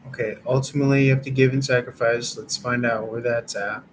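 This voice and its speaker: A man's voice: mid-range voice, steady tone, a little fast, noisy background. Cursing, self-mocking man muttering to himself. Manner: profane, self-mocking, easily flustered. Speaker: tarot reader and channel host. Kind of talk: casual muttering while reviewing his own reading.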